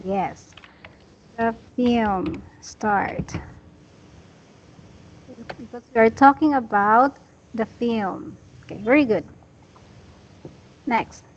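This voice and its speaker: This woman runs a one-on-one English lesson with unhurried, careful delivery. Her voice sits a little high, and she models each sentence slowly and praises her student often. The audio is muffled, with a lo-fi online-call sound. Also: slight background noise. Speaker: English teacher.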